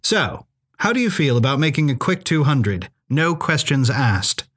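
A man voicing a brisk, businesslike young woman adventurer. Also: medium pitch, very animated, fairly bright tone, slightly rough, full character voice.

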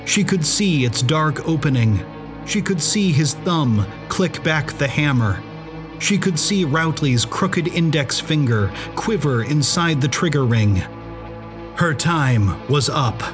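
A man reading a suspenseful story aloud as narrator, in a measured audiobook style. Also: fairly high pitch, lively intonation. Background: music.

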